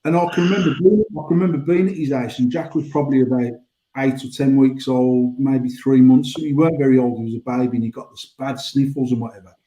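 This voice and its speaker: A man's voice: medium pitch, fairly even intonation, fast talker, warm tone, roomy sound, poor audio. A British man in his forties telling rambling stories in casual banter, swearing freely. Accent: British English. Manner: rambling storytelling, frequent swearing. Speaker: podcast host.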